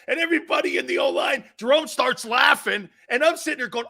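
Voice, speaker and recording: Rowdy, laughing sports talk host. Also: male voice, very high-pitched, lively intonation, fast talker, vocal fry, few pauses, no room sound, clean studio sound. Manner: loud, laughing, rowdy storyteller who swears. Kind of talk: animated sports talk storytelling.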